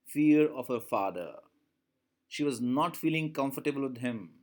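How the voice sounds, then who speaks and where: Lively Indian English teacher explaining a story. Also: male voice, medium pitch, moderate pace. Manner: repeats and rereads lines, asks questions. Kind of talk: classroom lesson explaining a story.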